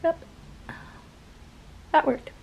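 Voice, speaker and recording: A woman's voice: extremely slow, muffled recording, a little hiss or hum. A woman vlogger and mother telling a story in casual chat, rambling with many fillers.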